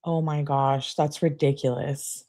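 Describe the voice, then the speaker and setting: A woman's voice: low voice, level tone, unhurried, dark tone. A woman hosting a true-crime channel, reading text messages aloud and adding dry, sarcastic asides in a casual way.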